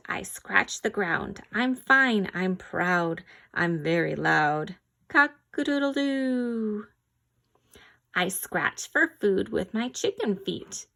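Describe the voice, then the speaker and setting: A woman reads a children's farm-animal picture book aloud at an unhurried pace. She pauses to quiz the listener and makes playful animal noises, and a slight gravelly fry runs through her voice. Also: medium pitch. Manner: slow, gentle read-aloud with animal sounds and quiz questions. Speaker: reader.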